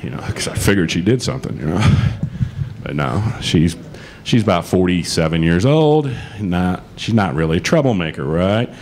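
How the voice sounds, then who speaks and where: In a conference hall, a middle-aged male law lecturer gives a casual, joking talk to a live audience, often acting out quoted dialogue. His low, darkish voice is expressive at a normal speed, with a little hiss or hum in the audio.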